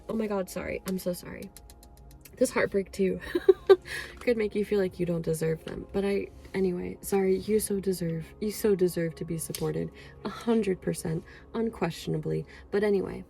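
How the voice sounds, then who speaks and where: Woman tarot reader, low gravelly voice, effusive and rambling, soft music behind. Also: normal speed. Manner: emotional, effusive, rambling with fillers. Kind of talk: pick-a-card tarot reading.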